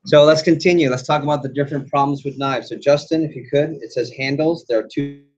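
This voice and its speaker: A man running a sales training class, animated and quizzing the group with questions. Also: on the high side, fast talker. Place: training room. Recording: dull lo-fi recording.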